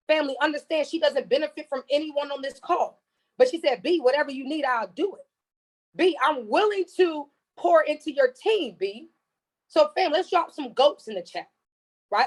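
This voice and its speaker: A woman hosting an online training call, introducing the guest with energetic, repetitive hype and calls to the chat. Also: high-pitched, poor audio. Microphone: video call.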